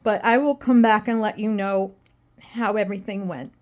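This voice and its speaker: A woman's voice: mid-range voice, fairly even intonation, moderate pace, darkish tone. A woman vlogging at home in a rambling, self-deprecating, exasperated way. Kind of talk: casual personal vlog.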